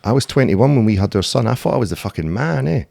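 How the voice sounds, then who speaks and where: A man's voice: on the low side, expressive, quick pace, gravelly, dark tone, dry recording, clean studio sound. A man in his thirties with a Scottish accent, telling stories bluntly and swearing freely as a podcast guest. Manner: blunt, sweary storytelling with frequent "eh" and "mate". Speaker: podcast guest, MMA fighter and doorman. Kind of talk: casual conversational interview.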